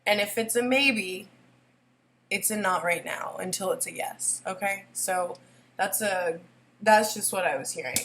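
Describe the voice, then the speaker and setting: A woman's voice: medium pitch, unhurried, fairly bright tone, a little hiss or hum. A young woman doing a casual tarot reading, rambling and giggly, often emotional. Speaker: tarot reader.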